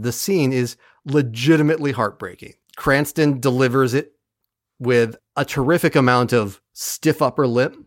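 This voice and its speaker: Podcast guy recapping stuff, swears a lot, wry and animated, dry close mic. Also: mid-range voice, dry recording. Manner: wry, profane, animated retelling. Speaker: podcast host recapping an episode. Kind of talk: casual chat.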